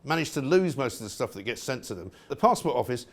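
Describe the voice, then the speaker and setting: A man's voice: medium pitch, very animated, quick pace. A middle-aged male presenter from England giving an outspoken, sarcastic opinion monologue.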